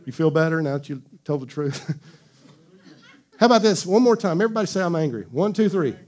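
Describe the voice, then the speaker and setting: A male pastor with a notably high voice preaches in an easy, conversational way. He chuckles often and keeps prompting the congregation to answer back. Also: lively intonation, moderate pace, darkish tone. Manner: conversational, laughing, call-and-response with the congregation. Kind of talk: sermon.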